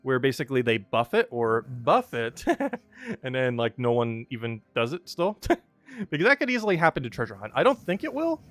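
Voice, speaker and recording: A man's voice: medium pitch, very animated, moderate pace, a bit bright, no echo. A young man giving casual live-stream commentary on a game, chatty, with frequent laughs and many fillers.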